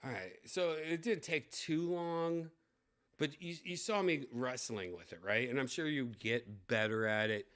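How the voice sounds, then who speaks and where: Young guy ranting through an unboxing, swears a lot, slow talker, bright voice. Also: mid-range voice. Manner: blunt, profane, ranting, with lots of fillers. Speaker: tech vlogger unboxing a VR headset. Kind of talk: casual unboxing commentary.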